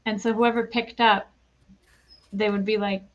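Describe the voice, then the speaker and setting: A woman's voice: medium pitch, little pitch movement, a little slow, dull audio. Chatty woman at a game table. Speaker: player.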